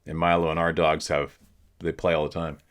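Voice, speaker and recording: This host has a rumbling low voice with little pitch movement and a brisk pace. He's telling stories at home in a loose, laid-back chat, swearing freely and laughing often, recorded through a laptop camera.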